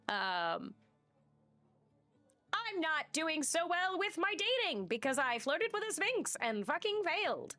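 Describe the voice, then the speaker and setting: A woman's voice: high-pitched, big pitch swings, a little slow, fairly bright tone, dry recording, faint music behind. A woman streaming a game live, chatting casually, swearing and reading the game's text aloud.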